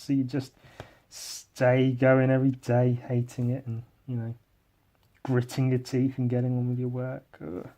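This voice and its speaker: With a mellow, mid-range voice, a solo podcast host goes off on a sarcastic, self-mocking, resentful ramble into his mic, cursing heavily throughout.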